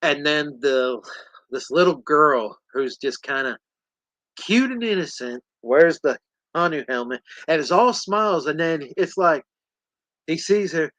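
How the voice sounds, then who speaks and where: Animated man recapping a film. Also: fairly high pitch, measured pace, no echo, low-quality recording. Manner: animated storytelling, laughs often, acts out scenes. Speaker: podcast host.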